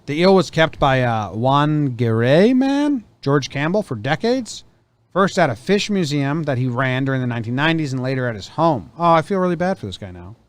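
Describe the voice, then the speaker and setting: A man's voice: fairly high pitch, big pitch swings, normal speed, no room sound. A man co-hosting a casual show, reading news stories aloud and rambling through anecdotes with many restarts. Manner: rambling, self-correcting storyteller. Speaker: co-host.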